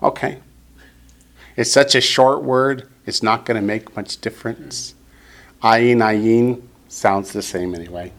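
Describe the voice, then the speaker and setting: A man teaching a Hebrew class, saying each word slowly and clearly so his students can repeat it. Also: medium pitch, fairly even intonation. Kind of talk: classroom lesson.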